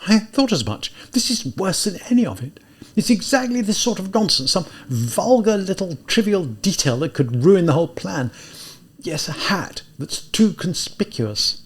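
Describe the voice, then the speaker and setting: A man's voice: high voice, very animated, normal speed, husky, voice pushed up, exaggerated voice. A man reading aloud voices an anxious, impoverished young male student who mutters nervously to himself and sometimes drops to a whisper. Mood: anxious muttering.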